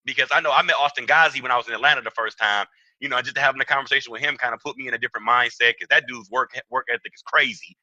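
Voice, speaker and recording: Young man, rapid excited storytelling, bright sharp voice, dry sound. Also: medium pitch, no room sound, highs cut off. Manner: excitable, acts out quoted dialogue in raised voice. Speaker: trading trainer. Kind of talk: animated storytelling talk.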